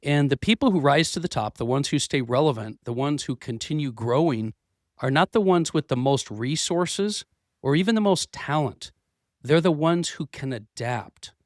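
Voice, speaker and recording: A man's voice: on the high side, expressive, moderate pace, dry recording, studio quality. Earnest male podcast host, voice a bit worn. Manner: earnest, repeats words while restarting. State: losing his voice a bit. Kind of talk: motivational business talk. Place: office.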